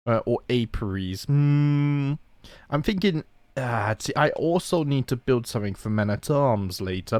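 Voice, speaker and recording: Wry man commenting on gameplay. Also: mid-range voice. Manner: chatty, wry, thinks aloud. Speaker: gaming channel host. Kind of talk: casual Let's Play commentary.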